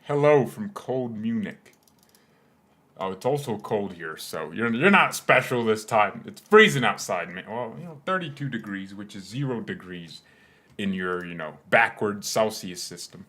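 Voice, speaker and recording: A man's voice: lowish voice, lively intonation, a little slow, a bit bright. A man hosting a live fan watchalong, mixing match commentary with joking, rambling banter. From United States. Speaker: fan channel host.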